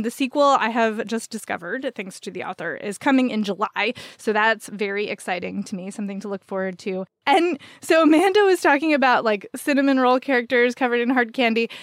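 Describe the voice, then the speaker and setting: A podcast co-host with a fairly high female voice chats casually about book recommendations, sounding animated and enthusiastic. She fills her speech with lots of "like," and the recording is dry and studio-clean.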